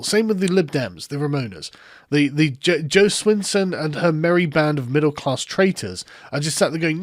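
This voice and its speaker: A man's voice: on the high side, expressive, moderate pace, no room sound, studio quality. A man, ranting sarcastically in political commentary, swearing and mocking his opponents.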